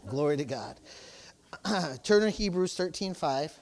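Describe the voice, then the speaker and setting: A man preaching a sermon at a church service, repeating "praise the Lord" and "amen" and moving between loud exclamations and quiet asides. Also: fairly high pitch, animated, measured pace.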